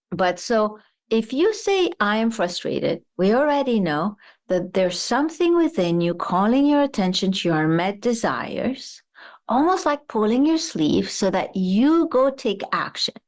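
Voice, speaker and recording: A woman psychologist, a guest on an interview show, explaining her ideas through worked examples and rhetorical questions. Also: mid-range voice.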